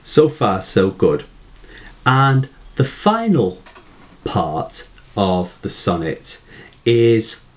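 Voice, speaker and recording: A man teaching poetry in a measured way, asking rhetorical questions and reading verse slowly aloud. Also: fairly low pitch, very animated. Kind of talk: explanatory lesson.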